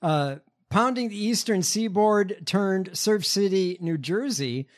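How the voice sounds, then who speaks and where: A man's voice: high voice, expressive, slow. A man hosting a casual show, reading news headlines with many ums and uhs. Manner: hesitant, filler-heavy, reads stiffly. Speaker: podcast host reading headlines. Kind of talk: casual chat, reading news stories aloud.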